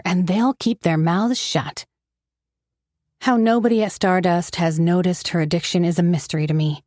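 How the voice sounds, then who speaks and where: A woman's voice: on the low side, darkish tone, no echo. Woman reading a romance story in a dry voice. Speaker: narrator. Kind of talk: first-person romance story narration.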